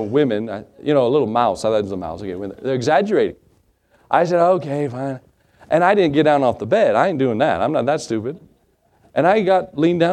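Male pastor, lively storyteller, pitch swinging widely, laughs through the story. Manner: animated storyteller, laughs often. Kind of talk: sermon with a personal story.

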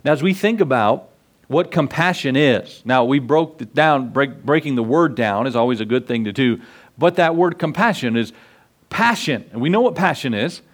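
A man's voice: mid-range voice, expressive, moderate pace. A man preaching a sermon as pastor, earnest and folksy, often putting questions to his listeners.

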